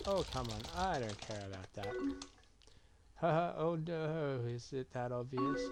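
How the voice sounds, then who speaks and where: A man's voice: medium pitch, animated, measured pace, noisy background. A man streaming a game playthrough, muttering and reading chat messages aloud as he reacts. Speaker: gaming streamer. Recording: keyboard typing clearly heard. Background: keyboard clicks and typing.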